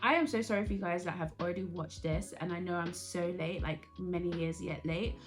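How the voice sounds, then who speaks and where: A young woman chatting casually to camera, animated and acting out her own reactions as she reviews a TV series. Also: fairly low pitch, fairly quick, soft background music.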